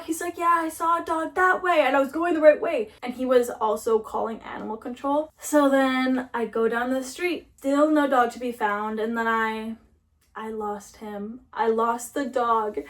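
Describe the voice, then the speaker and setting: Young woman vlogger, fairly high voice, chatty storyteller who acts out quoted voices. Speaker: lifestyle vlogger. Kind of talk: casual storytelling while cleaning.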